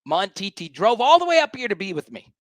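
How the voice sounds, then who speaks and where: A man's voice: high voice, fast, dry recording. Hyped-up man ranting as a fan show host. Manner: hyped, animated, repeats himself for emphasis. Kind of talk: fired-up livestream fan rant.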